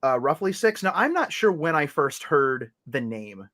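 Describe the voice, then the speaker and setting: Jokey guy guesting on a stream, kinda high voice, goofs around. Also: sing-song, normal speed, a bit bright. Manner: playful, jokey, does mock accents. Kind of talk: casual livestream chat.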